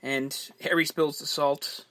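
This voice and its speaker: A man's voice: fairly high pitch, flat delivery, slow pace, bright, forceful tone, no room sound. A man co-hosting a casual movie podcast, recapping scenes with a loose manner and the odd swear word. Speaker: podcast co-host.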